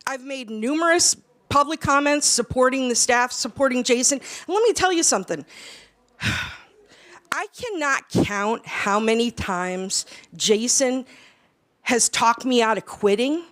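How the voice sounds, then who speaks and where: A woman speaks at a community meeting with a fairly high voice. She is tearful and upset, and she scolds the officials directly. She repeats herself as she presses her point. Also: fairly bright tone. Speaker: public commenter. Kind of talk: public comment at a meeting.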